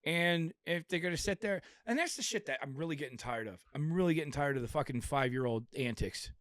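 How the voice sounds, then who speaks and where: A man's voice: a little high, animated, a little fast, fairly bright tone, dry recording, studio quality. A man talking as a guest in casual podcast chat, blunt and profane as he rants.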